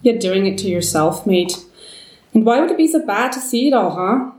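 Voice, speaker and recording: A woman's voice: mid-range voice, animated, normal speed, darkish tone, close to an everyday voice. Woman doing a slangy little sewer rat. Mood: cheeky. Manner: slangy, calls people mate. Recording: roomy, distant mic.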